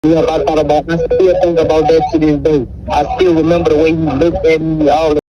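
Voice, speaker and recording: Faint music plays behind a man whose voice is a little high, level in tone, brisk and dark, captured far from the mic with lo-fi sound. As an interview guest from Baton Rouge with a Louisiana accent, he relates events in a casual, streetwise manner. He acts out the voices he quotes and relies heavily on "bro" and "you know what I'm saying."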